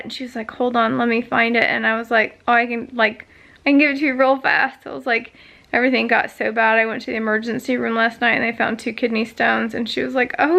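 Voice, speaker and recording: A woman's voice: fairly high pitch, vocal fry, a bit bright. A woman vlogger chatting casually, telling a long story with many fillers and asides. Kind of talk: casual chat.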